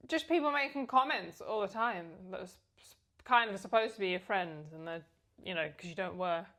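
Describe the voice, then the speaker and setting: A woman's voice: medium pitch, brisk, fairly bright tone. A woman from South Africa co-hosting a casual podcast chat, talking candidly and frankly. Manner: candid, frank, sometimes trailing off. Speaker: podcast co-host.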